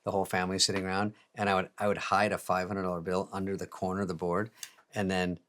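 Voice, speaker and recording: A man's voice: low voice, level tone, fast, fairly bright tone. A man doing a comic monologue in a sarcastic, profane and self-mocking way, chuckling at his own jokes. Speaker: comedian.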